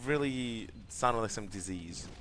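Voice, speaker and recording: Man, gaming stream co-host, jokey banter, teasing quips, bouncy pitch. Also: expressive, unhurried, fairly bright tone, a little hiss or hum. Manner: joking interjections and playful contrarian quips.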